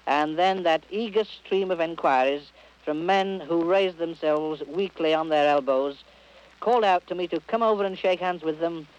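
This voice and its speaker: A war correspondent giving an earnest, heartfelt radio report. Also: male voice, a little high, moderate pace. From England. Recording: dull archival radio recording.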